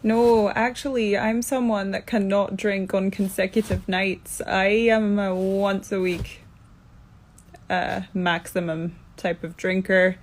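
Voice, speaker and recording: A tired Scottish woman in her thirties chats casually at home, sounding half asleep. Her pitch jumps up now and then when she is excited. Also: slow. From Scotland. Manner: chatty, with lively upward jumps in pitch. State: low energy, half asleep. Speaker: actor answering fan assumptions. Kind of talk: casual chat. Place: indoors at home, in one room.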